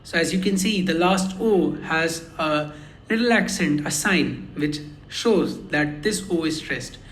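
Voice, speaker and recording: Male tutor, high voice, slow and careful delivery with many repetitions, echoey room. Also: lively intonation, fairly bright tone, slight background noise. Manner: slow and careful, repeats words for pronunciation. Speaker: language learner teaching lessons. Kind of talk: slow explanatory lesson.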